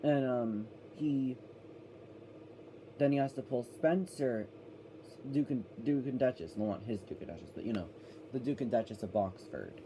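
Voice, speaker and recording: Man, casual reviewer, rambling and self-correcting, very dark mellow voice, faint background hiss. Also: medium pitch, moderate pace, long pauses, low-quality recording.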